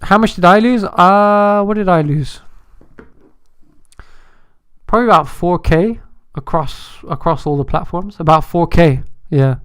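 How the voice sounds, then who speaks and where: Animated, joking male livestream host, slightly high voice, dry close mic. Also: measured pace, clear, resonant tone, dry recording. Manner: animated, joking, chatty with viewers. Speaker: day-trading livestream host. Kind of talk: casual live-stream commentary.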